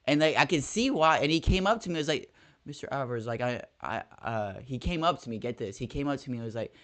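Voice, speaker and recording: Talking fast in a medium-pitched voice, a young man who teaches first grade spins a lively story on a laid-back podcast, peppering it with slang such as "dog."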